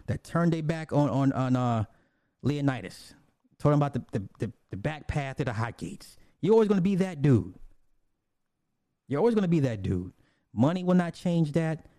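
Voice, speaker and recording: Ranting in a casual, blunt, profane way, this man keeps repeating himself and restarting lines. His dark, mellow voice sits on the high side, captured close and dry with no room sound.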